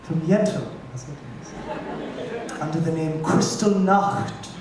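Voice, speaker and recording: A man's voice: fairly high pitch, expressive, slow pace, very noisy. A man playing a brash, campy glam rock drag diva who teases her band and audience in live stage musical banter. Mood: wry. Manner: camp, sardonic, teasing the band and audience. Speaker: stage show frontwoman. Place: large theater stage. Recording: echoey live theater from far off with loud audience.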